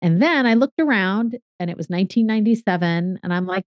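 A woman's voice: on the low side, fairly quick, hardly any pauses, no room sound, highs cut off. A woman in her fifties from California, a podcaster and consultant answering interview questions in a reflective, explanatory way with some fillers. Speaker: podcaster and strategic consultant, guest.

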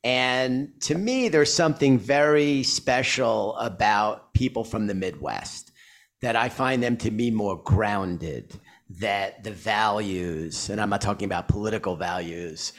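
A man's voice: fairly low pitch, a little slow. A man with a Brooklyn and Queens New York accent interviewing a guest, enthusiastic and asking long, winding questions. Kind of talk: conversational interview.

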